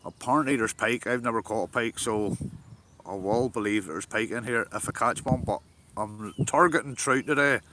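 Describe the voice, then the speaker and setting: A man from Northern Ireland, with a mid-range voice and normal speed, live-streams outdoors while fishing. He chats casually, swears often and answers his viewers' comments, with background noise audible.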